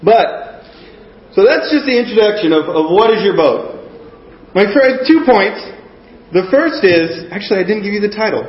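A man's voice: high voice, expressive, moderate pace. A man giving a conversational sermon, earnest and often checking in with his listeners. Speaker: preacher. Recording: echoey muffled room recording.

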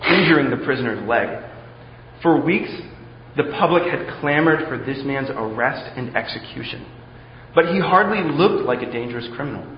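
A man's voice: fairly high pitch, a little hiss or hum. A man preaching a sermon, reading a story aloud with dramatic storytelling. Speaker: pastor. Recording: echoey hall, slightly dull.

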